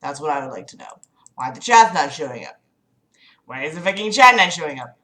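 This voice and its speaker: Exasperated woman streamer, lively pitch. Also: brisk. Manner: exasperated, apologetic, swears often. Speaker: livestream host. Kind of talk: casual livestream chat. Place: home room.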